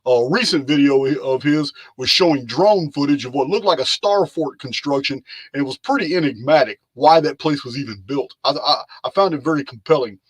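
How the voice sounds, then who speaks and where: A man's voice: mid-range voice, brisk, few pauses, slightly rough, no echo. A man hosting a casual live chat, loose and rambling, often repeating himself as he talks. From lives in Texas. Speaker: live stream host.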